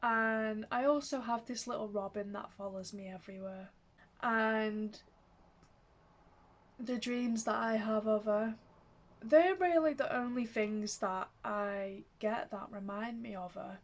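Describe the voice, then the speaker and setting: A young woman speaks in a gentle, reflective way, slipping small soft laughs between her thoughts. Her voice sits a little high and she takes her time, letting words come out slowly. It has the easy feel of a personal vlog talked straight to camera. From England, Manchester. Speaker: vlogger.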